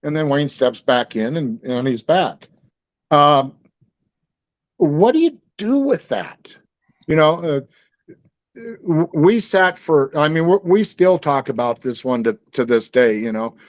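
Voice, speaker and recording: A man telling a story in a loose, rambling way, full of fillers and restarts. His voice is close and dry, with no room sound. His pitch sits in the middle. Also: unhurried, no echo. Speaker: guest. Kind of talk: storytelling in casual conversation.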